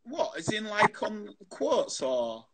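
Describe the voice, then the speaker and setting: A man's voice: high-pitched, big pitch swings, takes it slowly, background noise. A man hosting a casual chat show over a video call, chatty and full of matey banter.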